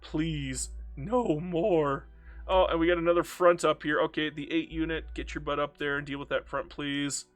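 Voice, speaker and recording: A man giving joking, excitable let's play commentary on a strategy game, talking to himself and repeating phrases. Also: fairly high pitch, moderate pace, soft background music. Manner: excitable, joking, frequent self-talk and repetition. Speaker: gaming YouTuber.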